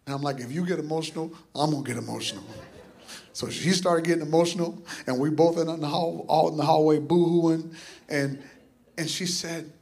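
A man's voice: fairly high pitch, a little fast, vocal fry. A middle-aged man preaching a sermon as pastor, building to emphatic, repeated exhortations.

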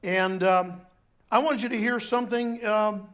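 High-voiced pastor preaching casually. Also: male voice, steady tone, a little slow, a bit bright. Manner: conversational, joking asides, restarts. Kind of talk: sermon.

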